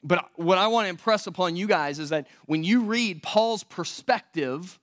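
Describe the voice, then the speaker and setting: A male pastor with a notably high voice for a man, preaching in a loose, conversational way. He poses questions to the congregation and fixes his own slips out loud. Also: moderate pace. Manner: conversational, asks rhetorical questions, corrects himself aloud. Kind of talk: sermon. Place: church.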